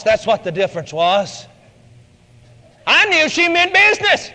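A man's voice: big-room sound, low-quality recording. A man preaching a radio sermon, emphatic and dramatic. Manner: emphatic, dramatic shifts in pitch and loudness.

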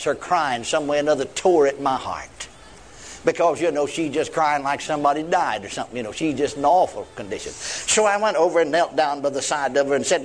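An older man, preaching a sermon in a folksy storytelling way and acting out the people in his story. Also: on the high side.

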